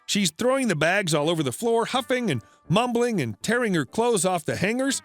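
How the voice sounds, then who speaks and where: A man reads an internet story aloud in a plain, steady storytelling delivery. His voice sits high for a man and moves with a lively lilt. Soft music plays faintly behind him. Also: moderate pace, no echo. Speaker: narrator. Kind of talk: narrated internet story reading.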